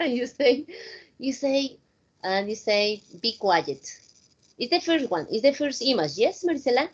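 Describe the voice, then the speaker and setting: A woman's voice: fairly high pitch, very animated, unhurried, breathy edge. A woman English teacher with a Spanish accent, running a class and mixing simple English with Spanish. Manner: switches between simple English and Spanish, encouraging. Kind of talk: online class instruction. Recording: dull, lo-fi online call audio.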